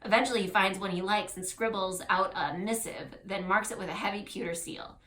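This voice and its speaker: A woman's voice: mid-range voice, steady tone, a little fast, a bit bright. A woman acting as game master, reading a gamebook aloud to her players with casual asides.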